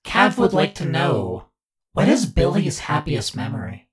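A man's voice: a little high, huge pitch swings, a little slow. A man voicing a mandibled alien who bluntly refers to himself in the third person. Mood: plain.

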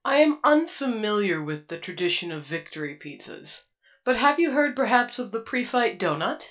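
A woman's voice: medium pitch, very animated, normal speed, lightly acted. Stiff and correct: a polite droid, played by a woman. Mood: earnest. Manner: stiff, formal and precise.

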